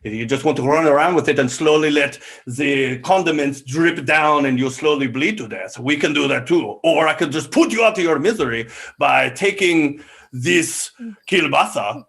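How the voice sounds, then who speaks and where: Man playing a cheerfully menacing matador hot dog seller, fake Spanish accent, quite high voice. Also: normal speed, creaky, fairly bright tone, slightly rough, heavily acted. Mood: mock menacing. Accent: mock Spanish. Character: boastful eccentric male bullfighter hot dog vendor.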